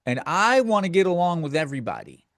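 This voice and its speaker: A man's voice: high-pitched, very animated, fast talker, fairly bright tone, dry recording, clean studio sound. A man hosting a comedy podcast, ranting in a crude, sardonic, rambling way. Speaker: podcast host. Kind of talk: comedic rant.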